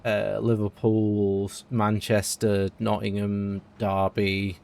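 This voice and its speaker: A man from the UK chats through a live game stream in a relaxed, rambling way. He talks straight to his viewers, answering them between moves in an easy, conversational voice. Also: lowish voice, slow pace, vocal fry. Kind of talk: casual live-stream chat while playing.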